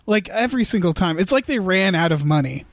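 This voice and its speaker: High-pitched guy rambling about a movie, doing little voices for quotes, dry close sound. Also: animated, a little fast, dry recording. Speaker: podcast co-host. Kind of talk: casual movie discussion.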